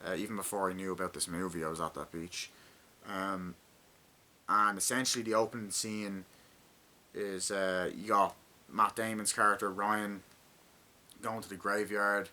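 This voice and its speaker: A man's voice: sits low, steady tone, normal speed, long pauses. A man giving a casual, rambling movie review, swearing often and acting out scenes. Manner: acts out scenes with shouted lines.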